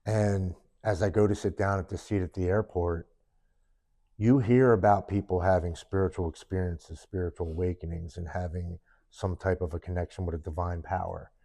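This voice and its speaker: A man's voice: sits low, steady tone, moderate pace, gravelly, warm tone. A man as a podcast guest, earnestly telling his own story in the present tense, sitting in person with the hosts. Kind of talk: personal recovery story in a sit-down interview.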